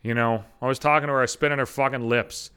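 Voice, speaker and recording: A man's voice: mid-range voice, steady tone, fast, sharp tone, clean tone. A man hosting a solo comedy podcast, ranting in a profane, exasperated and self-mocking way. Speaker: podcast host.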